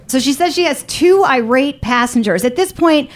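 A fairly high-voiced woman telling a funny personal story on stage. She is animated and blunt, swears freely and pokes fun at herself as she goes. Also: moderate pace, slight background noise. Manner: animated, blunt, profane, self-mocking. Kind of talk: live comedic storytelling.

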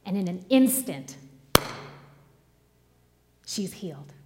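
Woman preacher, sermon, slow dramatic storytelling, long hall reverb. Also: on the low side, very animated, warm tone.

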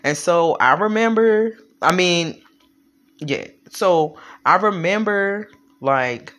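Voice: medium pitch, expressive, slow pace, a bit bright. A vlogger telling their own life story in casual spoken style, frank and profane, rambling with fillers and frequent check-ins with the audience.

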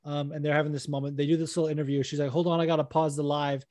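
A young man chatting casually as a podcast co-host, animated and quick to act out what other people said. His voice sits a little high, and the sound is dry and close. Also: no room sound. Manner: animated storytelling, acts out quotes. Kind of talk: casual chat.

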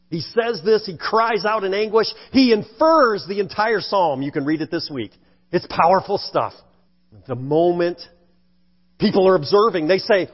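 High-voiced male pastor preaching in an echoing church. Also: normal speed. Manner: dramatic swings between emphatic and hushed delivery. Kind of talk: sermon. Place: church sanctuary. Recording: dull recording with long church reverb.

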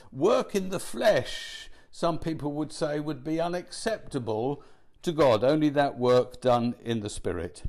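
Brief: male Bible teacher, slightly higher voice, earnest and measured delivery. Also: darkish tone. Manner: measured, earnest, pauses to restate. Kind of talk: teaching sermon.

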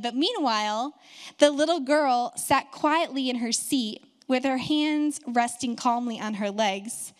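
A woman's voice: fairly high pitch, clear, resonant tone. A woman pastor preaching a sermon, telling a story and building to fervent, emphatic proclamation.

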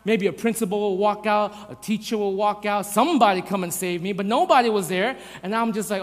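A man preaching a sermon, telling a childhood story with lively, acted-out voices. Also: sits high, a little fast, few pauses, in a large hall. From Vietnamese family. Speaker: pastor.

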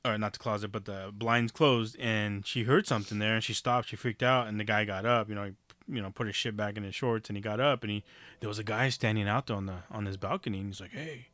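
Chatty podcast guy rambling thru a story, lots of "like" and "you know", goes quiet and low for the creepy bits. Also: steady tone, fast, dry recording. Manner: rambling, full of fillers, drops to a low murmur telling creepy stories. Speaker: podcast co-host. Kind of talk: casual chat, storytelling.

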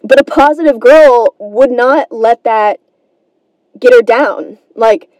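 A woman's voice: fairly high pitch, slow pace, darkish tone, no room sound, rough recording. A woman hosting a comedy podcast, telling a rambling, self-deprecating story in a casual monologue and swearing freely.

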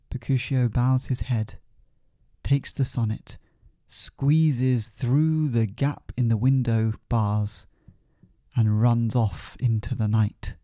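A man narrating a comic story in a deadpan, matter-of-fact way. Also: medium pitch, takes it slowly, no room sound, clean studio sound.

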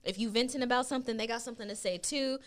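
A woman co-hosting a podcast in casual chat, blunt and profane, telling stories with animated asides. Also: fairly high pitch, rapid-fire. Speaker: podcast co-host.

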